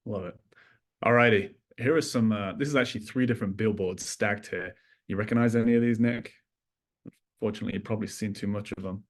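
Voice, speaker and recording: A man hosting a casual sales webinar from an office room, upbeat and teasing his co-host. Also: lowish voice. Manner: upbeat, joking, quick to tease.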